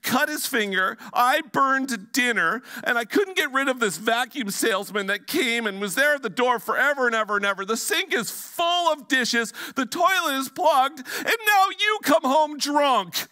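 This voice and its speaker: A frazzled young wife, sobbing and overwhelmed, piles up her complaints in a shrill, high, wailing voice, as a preacher puts her on. She pushes each line out loud and strained, nearly shouting through her tears. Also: expressive, moderate pace, hardly any pauses, full character voice. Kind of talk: sermon illustration.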